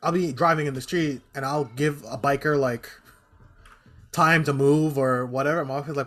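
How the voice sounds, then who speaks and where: A man tells stories in loose, profane chat, his voice a touch higher than most men's. He gets animated, laughing and pushing his pitch up as the story builds. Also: fairly quick.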